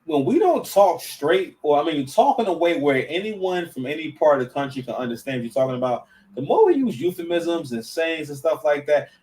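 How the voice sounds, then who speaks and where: A man's voice: fairly high pitch, brisk, far from the mic, poor audio. A man giving casual reaction commentary, stammering and restarting, full of slang. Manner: stammering, slang-heavy, animated.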